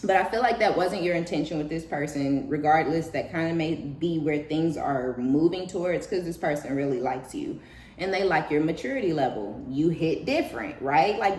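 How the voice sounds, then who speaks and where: Profane, animated woman giving a reading. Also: low-pitched, moderate pace, echoey room, a little hiss or hum. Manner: profane, animated, acts out voices with laughter. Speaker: tarot reader. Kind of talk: casual spiritual reading monologue.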